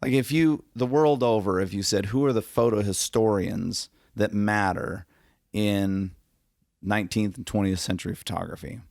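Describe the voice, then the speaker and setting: A man's voice: lowish voice, normal speed, creaky, darkish tone, dry recording, studio quality. A man talking as a guest photographer in a casual podcast conversation, emphatic and acting out the reactions he quotes.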